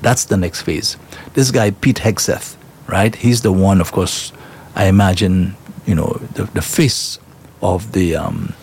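A man's voice: sits low, a little slow, a little mellow, a little hiss or hum. A man hosting a current-affairs talk show, opinionated and emphatic, prodding with rhetorical questions.

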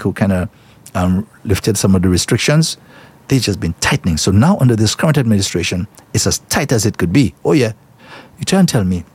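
A husky-voiced man delivers solo commentary. He talks emphatically and repeats phrases for effect. His delivery is indignant and direct. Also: on the low side, a little mellow. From Saint Lucia. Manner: emphatic, repetitive, indignant, addresses listeners as folks.

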